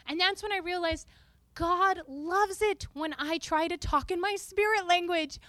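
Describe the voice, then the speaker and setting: High, bright-voiced woman preaching playfully. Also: measured pace, no room sound. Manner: animated, playful, breaks into sung and spoken snippets. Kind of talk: lively teaching talk to a live audience.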